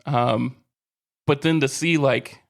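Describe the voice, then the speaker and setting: A man's voice: mid-range voice, steady tone, slow, creaky. A middle-aged man co-hosting a podcast, bantering easily and laughing often in casual chat. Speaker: podcast co-host.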